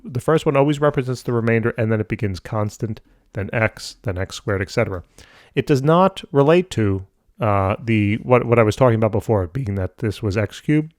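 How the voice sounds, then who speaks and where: A man walks through a math problem step by step, relaxed and upbeat, dropping the odd playful aside. His voice sits at an everyday middle pitch. The recording is dry and close, with no room sound around it. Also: a little fast, no room sound. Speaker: math tutor.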